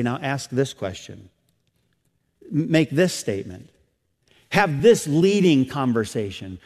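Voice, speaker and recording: Middle-aged guy preaching a sermon, gets loud and emphatic then drops soft, long hall echo. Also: big pitch swings, unhurried. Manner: preaching with swings from loud emphatic peaks to soft low passages. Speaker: pastor.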